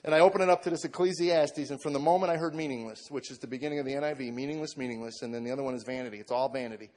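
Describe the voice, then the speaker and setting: The mid-range voice here is a little mellow and comes out rapid-fire, belonging to a comedian in his forties. Before a live audience he gives earnest spoken testimony, a heartfelt personal story in which he acts out what others told him. Long hall reverb colors the recording.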